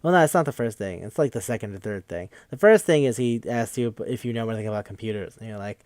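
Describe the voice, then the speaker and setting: A man's voice: on the low side, a little mellow, dry recording, clean studio sound. A young man as podcast host, rambling and swearing casually as he recaps a game. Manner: rambling, profane, quick to act out quoted lines.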